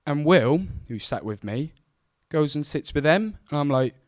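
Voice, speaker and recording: A young man telling a true story on stage, animated and self-mocking as he acts out the scenes. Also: medium pitch, moderate pace, dry recording, studio quality. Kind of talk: live storytelling to an audience. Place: stage at a live event.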